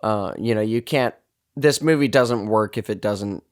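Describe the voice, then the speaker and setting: A man's voice: lowish voice, a little slow, clear, resonant tone. A man co-hosting a podcast, talking through a movie review in a rambling way and correcting himself as he goes. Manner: rambling, self-correcting, laughs easily. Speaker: podcast co-host. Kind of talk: casual movie-review chat.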